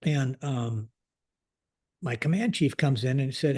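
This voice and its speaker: A man in his sixties, a retired general telling stories as a podcast guest, halting and restarting often. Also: medium pitch, darkish tone. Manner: halting, frequent restarts, keeps saying "like this". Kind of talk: conversational storytelling.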